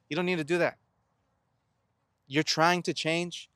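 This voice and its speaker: A man's voice: fairly high pitch, fairly even intonation, measured pace, long pauses, a bit bright, clean tone, no room sound. A young man talking to the camera in an earnest, reflective self-help monologue, often posing rhetorical questions and stumbling over repeated words. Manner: earnest, asks rhetorical questions and answers them; stammers and restarts words.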